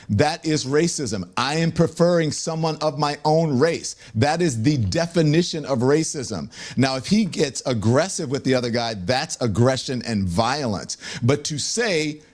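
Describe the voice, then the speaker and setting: A man's voice: a little high, expressive, a little slow. A man on a television panel, insistent and lecturing as he argues a point in a heated debate.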